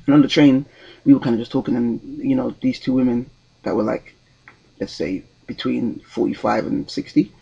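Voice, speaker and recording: A man's voice: medium pitch, fairly even intonation, moderate pace, gravelly, dark tone, breathy edge, lo-fi sound. A young man, telling a story in a casual vlog with a rambling, hesitant delivery full of ums and restarts. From London, England. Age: 20s. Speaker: vlogger.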